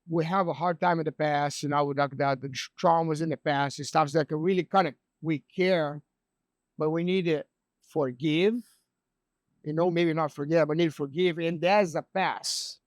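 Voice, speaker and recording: Soft-spoken podcast host, dry mic. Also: male voice, a little high, steady tone, moderate pace, no echo. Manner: hesitant, thinking aloud, many "you know"s. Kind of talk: casual chat.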